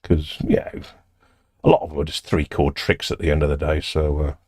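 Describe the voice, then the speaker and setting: A man's voice: extremely low pitch, flat delivery, moderate pace, darkish tone, slightly rough, no room sound. An older man chatting casually on a livestream from his home studio, rambling and drifting off topic as he talks. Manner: rambling, easily sidetracked, swears casually. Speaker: music producer streaming a session.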